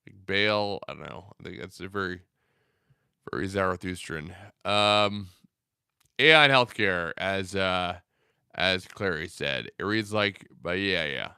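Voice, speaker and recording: A man's voice: sits low, a little slow, gravelly, sharp tone, clear, resonant tone, no room sound, studio quality. A young man hosting a casual livestream, reading out viewer comments in a loose, rambling way with many fillers. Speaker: livestream host.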